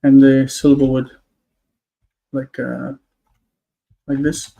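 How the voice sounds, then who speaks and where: Mellow-voiced man explaining grammar. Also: mid-range voice, monotone, slow, vocal fry, low-quality recording. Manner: explanatory, thinking aloud with fillers. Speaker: Hebrew teacher. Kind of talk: live-stream explanation.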